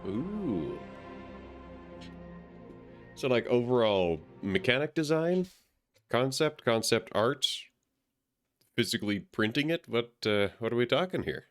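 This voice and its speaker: A man streaming a game and chatting casually, sounding sleepy and low on energy as he rambles to his viewers. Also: animated, normal speed, soft background music. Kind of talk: casual live-stream chat.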